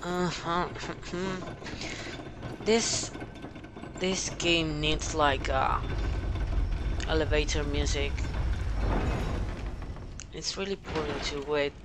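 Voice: medium pitch, fairly even intonation, takes it slowly, pauses often, background noise. A gamer from Argentina, whose native language is Spanish, speaks English with an Argentinian Spanish accent over a headset. The gamer mutters reactions, curses at enemies and keeps saying a sarcastic "great". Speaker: let's play gamer. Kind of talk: casual gameplay commentary. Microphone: headset microphone.

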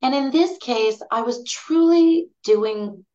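Animated woman telling stories, lo-fi sound. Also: fairly high pitch, slow. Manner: animated, acts out voices in her anecdotes. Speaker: guest ethnobotanist. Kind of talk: podcast interview storytelling. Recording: dull lo-fi sound.

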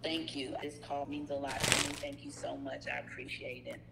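Gushing low gravelly-voiced woman. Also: fairly even intonation, moderate pace, heavy background noise. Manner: emotional, effusive, gushing thanks. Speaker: call recipient, parent. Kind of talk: phone call.

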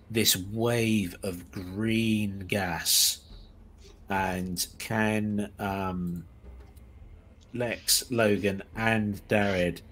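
A man narrating as game master, halting often with ums and small self-corrections, and sometimes laughing as he describes the scene. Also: fairly low pitch, a bit bright.

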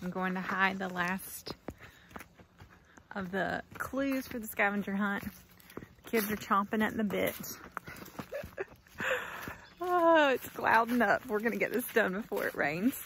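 A woman's voice: mid-range voice, lively intonation, a little slow, pauses often, a bit bright, slight background noise. A middle-aged woman, chatting upbeat in a casual farm vlog. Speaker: vlogger, farm wife.

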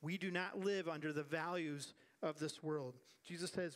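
Animated male pastor preaching a sermon. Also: on the high side, normal speed. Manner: animated preaching with acted-out quotes and repeated refrains. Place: church sanctuary.

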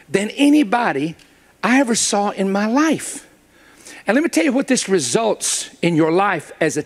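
A man preaching a sermon to a church congregation, telling stories with jokes and quick asides to his listeners. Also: high voice, slightly rough. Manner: animated, joking storyteller with quick asides; speaks directly to the audience.

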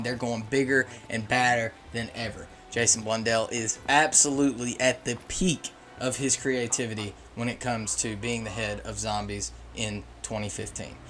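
A man's voice: medium pitch, a bit bright, slight background noise. Opinionated young man ranting about games. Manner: opinionated and ranting, with emphatic swings. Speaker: gaming YouTuber. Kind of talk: casual commentary.

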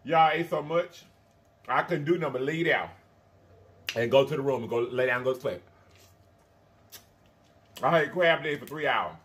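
A man's voice: mid-range voice, moderate pace, long pauses, a bit bright. A man hosting a mukbang vlog, chatting casually to viewers while eating, calling them y'all and honey, with frequent mm sounds between bites. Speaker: mukbang vlogger.

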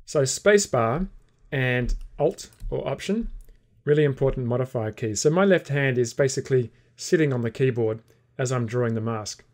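A man teaching a software tutorial, calmly explaining each step while he clicks through the program. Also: mid-range voice, moderate pace. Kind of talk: screen-recorded software tutorial.

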